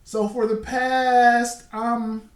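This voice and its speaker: A man's voice: extremely high pitch, flat delivery, drawn-out words. A man in his forties giving casual commentary and spinning a long hypothetical scenario, repeating points for emphasis. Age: 40s. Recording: roomy echo, distant mic.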